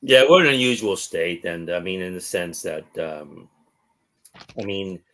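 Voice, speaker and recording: Deep guy rambling on a livestream call. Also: lively intonation, unhurried, a bit bright. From Texas. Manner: rambling, storytelling. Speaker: livestream guest. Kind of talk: casual chat.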